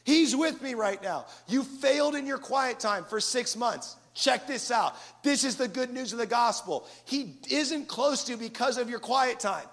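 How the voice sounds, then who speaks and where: Male pastor, high voice with gravel, animated sermon delivery. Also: moderate pace, few pauses. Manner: animated preaching with acted-out asides.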